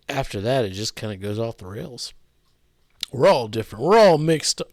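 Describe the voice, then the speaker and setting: A man's voice: mid-range voice, animated, moderate pace, a little mellow, no echo, clean studio sound. Playful man hosting a podcast. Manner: loose, profane, playful. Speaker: podcast host. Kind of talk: casual chat.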